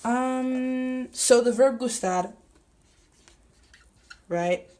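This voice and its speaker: A young woman teaching a grammar lesson, talking slowly and deliberately while writing on a board and spelling things out. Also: fairly high pitch, a little mellow. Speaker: Spanish teacher.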